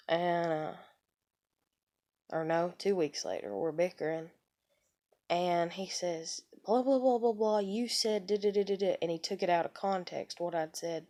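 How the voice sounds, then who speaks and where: A young adult woman rambling bitterly about her life, halting often with "you know" fillers. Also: fairly low pitch, warm tone. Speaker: vlogger. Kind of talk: unscripted personal rambling.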